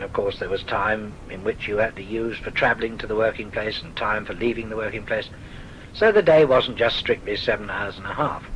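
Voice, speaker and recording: A man's voice: fairly low pitch, a bit bright, a little hiss or hum, rough recording. An older man with a southern English accent, genteel and wry, telling his memories for a recorded oral history. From south of England. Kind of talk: recorded reminiscence.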